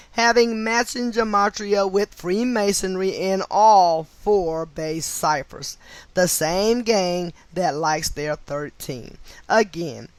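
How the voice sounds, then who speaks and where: A woman reads a nonfiction book aloud at an unhurried, deliberate pace. Her voice sits in a mid range and is recorded close and dry, with no room sound. She spells out names letter by letter and breaks in with brief asides of her own. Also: mid-range voice, no echo. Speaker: book reader.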